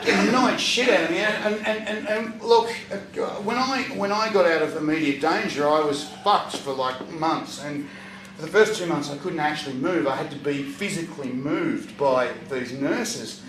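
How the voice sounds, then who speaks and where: A man telling a profane stand-up story, breaking into loud shouts at punchlines. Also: on the high side, moderate pace, background noise. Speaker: stand-up comedian. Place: comedy venue stage, audience laughter. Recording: echoey live venue from far off.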